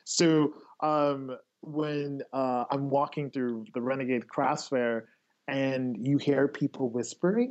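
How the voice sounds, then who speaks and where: A man's voice: mid-range voice, slow. A man telling stories in casual conversation as a guest, rambling with many fillers and restarts. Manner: rambling, filler-heavy, animated storytelling. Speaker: guest, artist.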